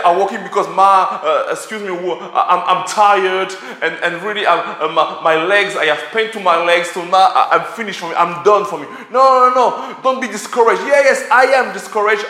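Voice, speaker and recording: A man's voice: sits high, brisk, few pauses, bright, forceful tone. A man preaching a sermon, telling a story with lots of repeated words and restarts. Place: church hall. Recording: echoey church hall.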